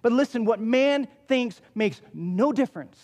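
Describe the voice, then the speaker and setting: A man's voice: very high-pitched, expressive, unhurried, darkish tone. A male pastor preaching a sermon, emphatic and repeating key phrases for weight. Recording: long hall reverb.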